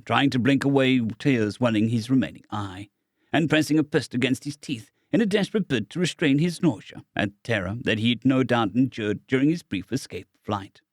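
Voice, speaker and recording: A man reading an audiobook in steady, measured scripted narration. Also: medium pitch, no echo, clean studio sound.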